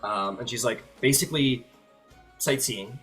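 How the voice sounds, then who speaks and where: A man's voice: mid-range voice, unhurried, a bit bright. Male game master, loose rambling narration over faint music. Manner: rambling, filler-heavy description.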